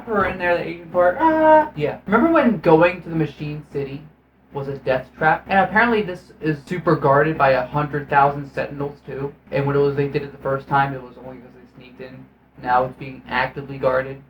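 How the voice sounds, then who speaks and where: A man's voice: on the high side, slight background noise, poor audio. A man hosting his own video, giving a rambling, sarcastic, profanity-laced recap of a movie. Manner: rambling with frequent restarts. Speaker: video host reviewing a film.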